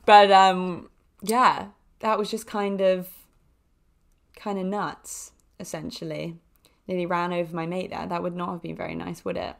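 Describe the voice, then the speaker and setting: A young woman hosting a podcast, telling casual stories in a chatty, animated way with frequent laughs and fillers. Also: lowish voice, a little slow, vocal fry. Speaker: podcast host. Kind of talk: casual storytelling monologue.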